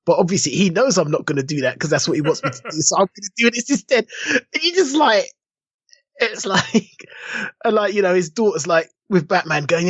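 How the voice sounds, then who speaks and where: Animated and brisk, a man with a husky, high-sitting voice co-hosts a podcast, chatting loosely and acting out quotes in several voices. The dull lo-fi recording is dry, with no room sound.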